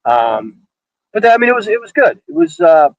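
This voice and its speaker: A male podcast co-host tells a story during casual banter, swearing and stumbling over his words. His voice sits high with big swings in pitch, and he halts and repeats himself. The recording is muffled, with no echo.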